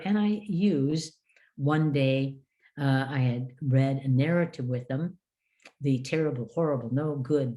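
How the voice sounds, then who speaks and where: An older woman from the United States giving a workshop lecture to teachers, telling classroom stories with frequent fillers. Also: extremely low pitch. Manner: lively storytelling with frequent "uh" fillers. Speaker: education presenter.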